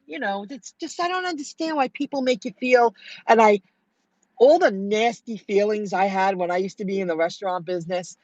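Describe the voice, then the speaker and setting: A woman's voice: medium pitch, normal speed, no room sound. Chatty woman vlogger, dry dull sound. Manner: chatty, animated retelling with quoted dialogue. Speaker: food delivery driver vlogger. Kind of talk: casual storytelling to viewers.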